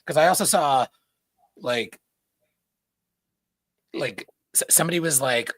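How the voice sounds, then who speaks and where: A man co-hosting a podcast in casual chat, easygoing and conversational with quick asides. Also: medium pitch, fairly bright tone, no room sound. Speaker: podcast co-host.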